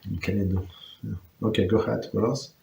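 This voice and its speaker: A man's voice: lowish voice, little pitch movement, a little fast, vocal fry, a little mellow, a little hiss or hum. A man, a rabbi, explaining points of religious law to an online class and searching for words as he goes. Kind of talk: answering questions on religious law. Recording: roomy echo.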